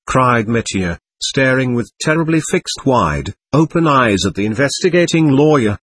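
Husky-voiced male audiobook narrator. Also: mid-range voice, big pitch swings, moderate pace, few pauses, fairly bright tone. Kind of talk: classic novel narration.

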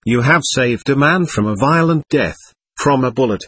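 A man voicing a desperate, nervous young man who pleads frantically and overly politely, with a husky voice. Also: mid-range voice, normal speed, a bit bright, no echo. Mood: pleading.

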